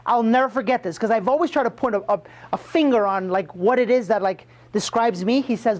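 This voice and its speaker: A man's voice: sits high, fairly quick, hardly any pauses. A man coaching a room of salespeople, emphatic and punchy, firing questions at his audience. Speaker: sales trainer. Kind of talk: motivational sales training talk.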